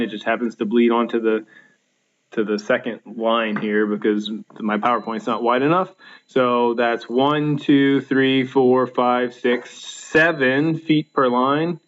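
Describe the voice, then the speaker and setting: A man teaching a recorded lesson over slides, counting out stresses slowly, with frequent fillers and restarts. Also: medium pitch, lo-fi sound.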